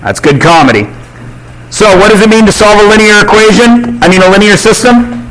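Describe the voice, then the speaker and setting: A man's voice: sits high, expressive, fairly quick, poor audio. A man teaching a math class, quizzing students and cracking jokes. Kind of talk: classroom lesson.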